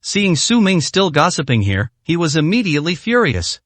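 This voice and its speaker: Male storyteller, slightly high voice, steady scripted narration, dry close recording. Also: normal speed, hardly any pauses, no room sound.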